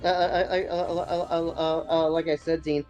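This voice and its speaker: A woman's voice: low voice, level tone, normal speed, warm tone, soft background music. Stammering woman on a game stream. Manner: stammering, hesitant. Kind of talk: casual game stream chat.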